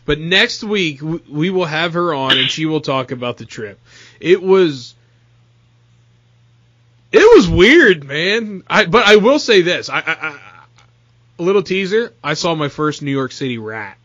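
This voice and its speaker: Animated storytelling podcast host, a man. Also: on the high side, normal speed, no room sound, muffled recording. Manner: animated storyteller, stammers when excited. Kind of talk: casual banter.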